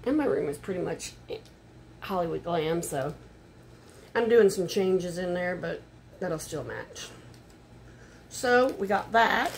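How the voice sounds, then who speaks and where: An older woman rambles through a shopping haul at home, her voice rising and falling in a lively way. She talks casually, mutters frustrated asides, and a faint hiss of noise runs underneath. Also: on the low side, slow, pauses often. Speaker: haul vlogger. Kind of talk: casual unboxing chat. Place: home room.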